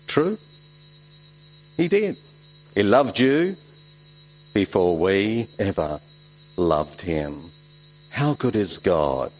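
A man from Switzerland, preaching a sermon with emphatic exclamations and soft asides. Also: deep voice, big pitch swings, extremely slow, long pauses, slight background noise, rough recording. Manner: emphatic, swings between loud exclamations and soft reflective asides.

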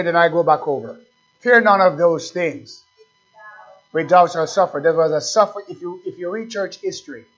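In a dull, lo-fi recording, a male pastor with a high voice preaches, climbing in fervor as he pushes his audience with rhetorical questions.

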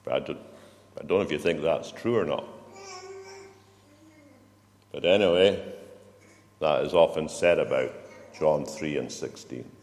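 A man preaching a sermon in a church, slow and reflective, often turning questions to the congregation. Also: extremely low pitch, a little mellow. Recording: long reverb of a church hall.

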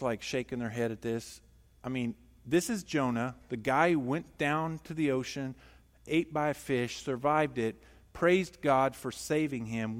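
A male pastor preaching a sermon, emphatic and animated, asking the congregation questions in a church. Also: medium pitch, in a large hall.

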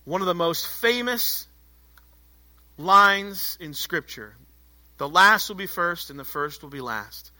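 A man preaching a sermon as pastor, animated and conversational, joking with the congregation. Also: high-pitched, slow pace.

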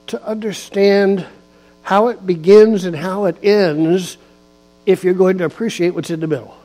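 A man preaching a sermon in a church, speaking slowly and emphatically and repeating key phrases. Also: high-pitched, warm tone. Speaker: guest preacher, district church official. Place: church sanctuary.

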